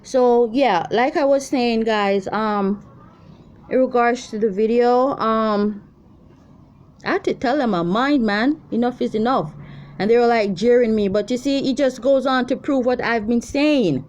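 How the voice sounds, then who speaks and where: A woman's voice: on the high side, a little slow, darkish tone. A woman, talking to her viewers in a profane, rambling, exasperated rant. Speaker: intuitive reader vlogger. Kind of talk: casual ranting commentary.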